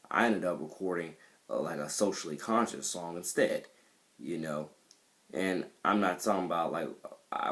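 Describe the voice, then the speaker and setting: Man with a very low voice, casual self-assured monologue, rambling with fillers. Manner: rambling, repeats himself, many fillers; self-assured about his music. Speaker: independent rapper.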